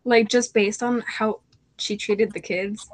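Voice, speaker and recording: A young woman co-hosting a casual podcast, rambling through animated retellings full of restarts. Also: medium pitch, takes it slowly, no room sound, poor audio. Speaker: podcast co-host. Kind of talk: casual chat. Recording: faint background noise.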